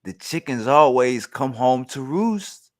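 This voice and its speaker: A man's voice: medium pitch, lively intonation, slow pace. A man hosting a show, reacting to a clip in casual, blunt, mocking commentary with plenty of profanity.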